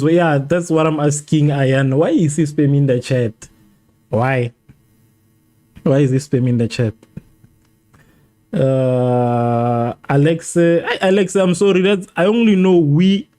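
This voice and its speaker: Excitable South African man, mellow voice. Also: a little high. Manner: excitable, repeats phrases over and over. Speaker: livestream host. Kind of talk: live football watchalong, reading chat.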